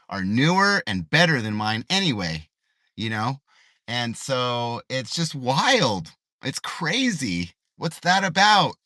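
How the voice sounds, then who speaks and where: A man's voice: mid-range voice, sharp tone, dry recording. A middle-aged man livestreaming from a parked car, ranting in a casual way and repeating rhetorical questions. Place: parked car in a parking lot.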